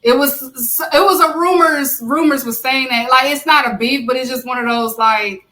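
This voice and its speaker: A woman hosting a podcast in casual chat, relaxed and filling pauses with ums and uhs. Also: sits high, poor audio. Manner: relaxed, many fillers. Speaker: podcast host.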